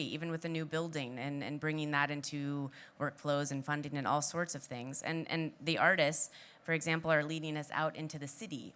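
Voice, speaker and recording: Woman curator, very low voice, halting panel speech with restarts. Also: fairly bright tone. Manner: halting, repeats words while thinking. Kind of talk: panel discussion.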